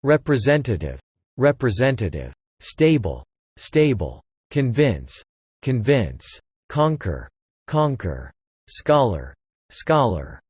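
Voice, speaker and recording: A man reading English vocabulary words aloud one by one, saying each word twice in a slow, measured way. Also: medium pitch, very animated, a little mellow, husky, no room sound. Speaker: vocabulary reader.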